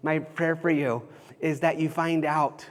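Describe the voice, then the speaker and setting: Casual pastor with a higher voice in a reverberant hall. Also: male voice, steady tone, unhurried. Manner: conversational, with frequent restarts and repeated phrases. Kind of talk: sermon. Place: church sanctuary.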